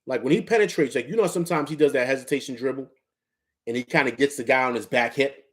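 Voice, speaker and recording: A man's voice: mid-range voice, fast talker, a bit bright. Emphatic man hosting live sports talk. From Harlem, New York. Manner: emphatic, repeats phrases, coaching tone. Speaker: sports talk show host.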